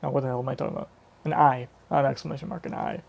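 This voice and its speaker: A man's voice: medium pitch, steady tone, rapid-fire, creaky, darkish tone. A man giving casual live reaction commentary on a manga chapter, rambling and swearing casually as he thinks aloud.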